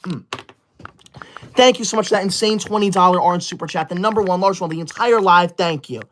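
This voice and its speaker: A man's voice: high voice, fast talker, slight background noise, lightly acted. A man in his twenties playing a pompous, bossy young male livestreamer who scolds his chat while reading super chats, as a comedy character. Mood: haughty. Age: 20s.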